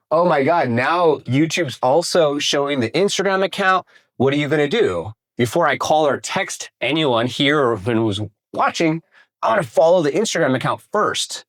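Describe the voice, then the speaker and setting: A man giving a casual, energetic workshop talk on real estate marketing, asking the audience questions and swearing now and then. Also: a little high. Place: room with a live audience.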